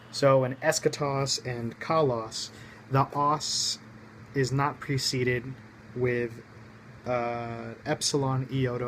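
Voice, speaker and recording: A man's voice: mid-range voice, a bit bright, a little hiss or hum, rough recording. A man teaching Greek grammar in a recorded lesson, explaining each point step by step and muttering small self-corrections.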